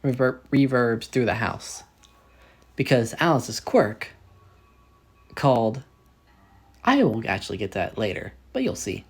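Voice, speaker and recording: A man's voice: medium pitch, a little slow, long pauses, slightly rough. A man casually narrating a fan story, rambling and correcting himself as he goes. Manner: rambling, self-correcting, animated.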